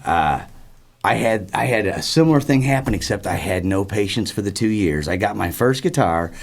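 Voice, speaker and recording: A man's voice: lowish voice, lively intonation, moderate pace, vocal fry. A man hosting a studio interview, joking and rambling as he asks questions. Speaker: host. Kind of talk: casual interview chat. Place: radio studio.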